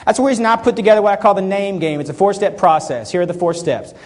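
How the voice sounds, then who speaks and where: A man's voice: sits high, fast. A man giving a keynote talk on stage to a live audience, acting out little scenes in quoted voices. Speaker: keynote speaker.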